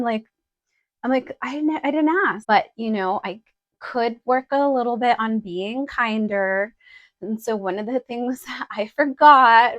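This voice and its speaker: A woman's voice: mid-range voice, no echo. Chatty woman with a dry close sound. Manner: chatty and direct, many fillers. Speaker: vlogger. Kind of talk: casual try-on haul chat.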